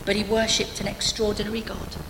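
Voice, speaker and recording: A woman's voice: mid-range voice, completely flat delivery, fairly quick, noisy background. A woman preaching a sermon to her church, conversational and humorous, with dry asides. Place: church hall. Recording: echoey church hall, faint ambience.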